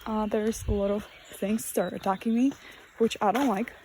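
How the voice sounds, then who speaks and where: A woman's voice: mid-range voice, steady tone, normal speed, darkish tone, slight background noise. An eighteen-year-old woman vlogging casually outdoors in a forest, rambling and hesitant and sometimes dropping to a whisper. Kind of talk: casual chat.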